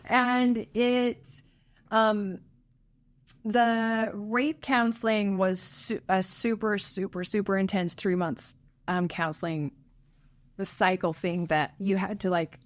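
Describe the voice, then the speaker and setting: A woman, a guest on an interview, telling her own emotional story in an earnest, halting way, her voice sinking low at the hardest parts. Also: fairly even intonation. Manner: earnest, halting, voice dropping low at hard moments. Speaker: interview guest, birth mother.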